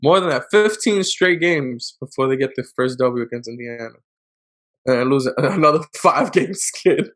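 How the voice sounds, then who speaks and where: A man on a sports podcast, his voice set in an ordinary middle pitch. He chimes in with quick, slangy remarks. He mostly agrees with his co-host and keeps the banter casual. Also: animated, a bit bright. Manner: quick agreeing interjections, slangy and laughing along.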